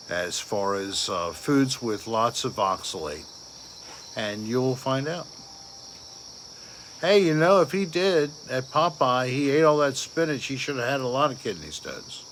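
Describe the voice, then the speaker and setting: A man's voice: mid-range voice, a bit bright, a little hiss or hum. A man hosting a casual late-night livestream, rambling and answering viewer comments aloud. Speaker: livestream host reading viewer chat.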